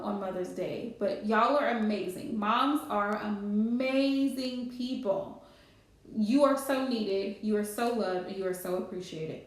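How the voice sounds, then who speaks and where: A woman's voice: a little high, fairly bright tone. A woman, chatting casually on a live stream with playful scolding asides. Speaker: livestream host. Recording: very echoey room.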